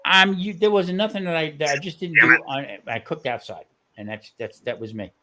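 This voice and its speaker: A man with a New Jersey accent, telling stories in a casual chat, animated and full of restarts. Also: fairly high pitch, brisk, heavy background noise. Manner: animated storyteller, restarts often. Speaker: guest cook on a grilling livestream.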